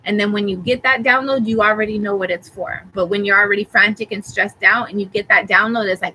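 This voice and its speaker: A woman giving a tarot reading, calmly reassuring the listener with affirmations and rambling a little as she talks. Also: mid-range voice, normal speed, a little hiss or hum, rough recording. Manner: rambling, with fillers and restarts. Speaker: tarot reader. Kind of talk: live tarot reading for a viewer.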